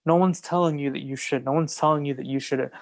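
A man's voice: fairly high pitch, fairly even intonation, fast talker, vocal fry. Male host, casual chat, earnest and agreeable, repeats himself as he thinks. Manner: earnest and agreeable, repeats words while gathering thoughts. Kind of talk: casual conversation.

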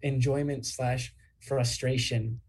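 A man's voice: mid-range voice, fairly even intonation, slow, darkish tone, breathy edge. A young man on a podcast, talking things over in a reflective, rambling way with lots of fillers. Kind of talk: casual podcast chat.

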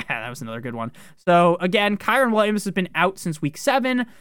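A man's voice: sits high, big pitch swings, fairly bright tone, clean tone, no room sound, studio quality. A man hosting a fantasy football podcast, joking and swearing through casual commentary. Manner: profane, joking, fast-talking.

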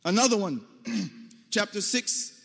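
An American man giving an emphatic debate speech to an audience, pressing his points and rising to near-shouts. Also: high-pitched, sing-song, slow pace, breathy edge. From United States. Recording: long hall reverb.

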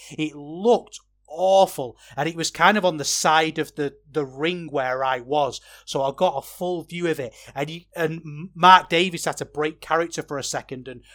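A man hosting a podcast, giving a rambling, opinionated wrestling review that gets animated when he is worked up. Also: a little high. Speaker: podcast host.

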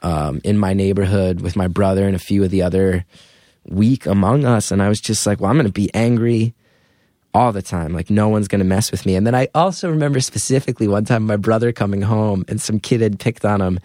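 A man, a comedian guest, telling candid stories in a rambling way, full of "like" and animated retellings. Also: fairly low pitch, fairly quick, no room sound, studio quality. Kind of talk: candid storytelling.

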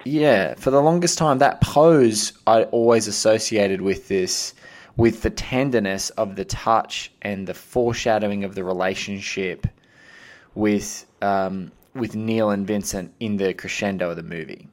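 Lower-voiced male podcast host. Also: a little slow. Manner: enthusiastic, thinks aloud with restarts. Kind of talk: casual podcast conversation.

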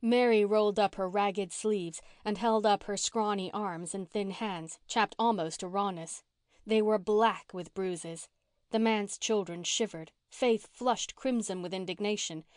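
A woman narrating a classic novel as an audiobook in an even, measured storytelling manner. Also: mid-range voice, no echo, clean studio sound. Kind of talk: scripted narration.

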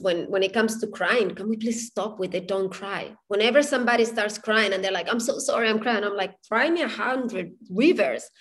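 A woman hosting a casual podcast interview, encouraging and affirming as she responds to her guest. Her voice sits at an ordinary mid pitch. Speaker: podcast host.

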